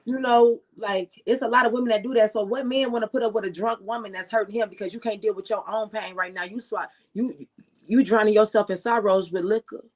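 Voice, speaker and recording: A woman guest in a casual talk show chat, telling stories in an animated, slangy way. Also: mid-range voice, brisk. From Chicago area. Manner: chatty, animated storytelling with slang.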